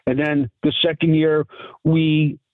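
A man's voice: fairly high pitch, flat delivery, slow pace, no echo. Chatty man on a phone line. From New York. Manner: chatty anecdotal storyteller. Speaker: guest, part-time Santa and lawyer. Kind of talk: phone interview, storytelling.

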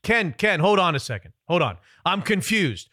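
A man's voice: high-pitched, very animated, moderate pace, bright, forceful tone, no echo, clean studio sound. A male podcast host chatting casually, laughing often and asking his guest follow-up questions. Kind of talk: casual interview chat.

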